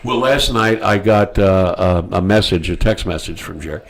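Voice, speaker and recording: A man hosting a radio talk show, telling a story bluntly and crudely, loudly acting out the people in it. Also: low voice, normal speed, creaky. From United States. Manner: animated storyteller, acts out quoted voices loudly.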